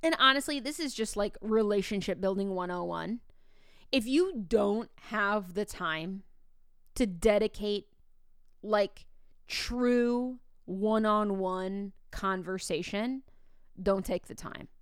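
A teacher in her thirties hosts a podcast, telling a story casually in a slow, clear, resonant mid-range voice. She's animated, acts out the quoted dialogue and uses many fillers, and the studio-quality recording has no room sound.

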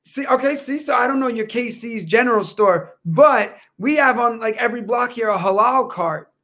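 A man chatting casually as a podcast guest. He talks quickly and makes self-deprecating jokes. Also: very high voice, bright, forceful tone. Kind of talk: casual chat.

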